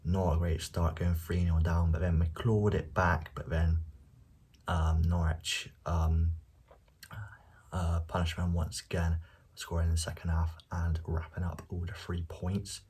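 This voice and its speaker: A young man casually giving football predictions on his channel, speaking quietly and at times near a whisper, recorded at home late at night without a proper microphone. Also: low-pitched, breathy edge. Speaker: football vlogger. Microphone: no dedicated microphone.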